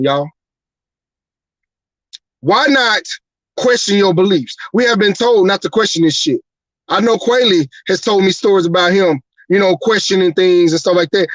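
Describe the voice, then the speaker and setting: A man's voice: high-pitched, a bit bright, no room sound, poor audio. A man hosting a live podcast, delivering an angry, profane rant full of repeated rhetorical questions. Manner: profane, rhetorical, repeating "you mean to tell me". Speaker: podcast host.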